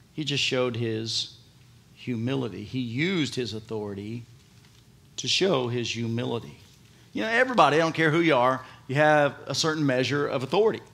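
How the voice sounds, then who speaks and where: A male pastor preaching a sermon, swinging between loud emphasis and hushed earnestness as he reads and explains scripture. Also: mid-range voice, gravelly.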